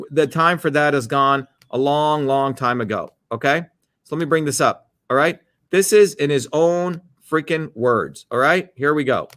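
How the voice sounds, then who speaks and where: A man hosting a heated political monologue, scornful and combative, breaking off to give quick instructions to a producer. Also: on the high side, a bit bright. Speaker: political host.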